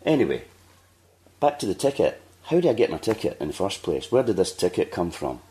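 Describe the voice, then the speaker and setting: Deep-voiced Scottish man telling a story. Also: a little fast. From Scotland. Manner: animated anecdote-telling, acting out quotes. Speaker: podcast host. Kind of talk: casual storytelling chat.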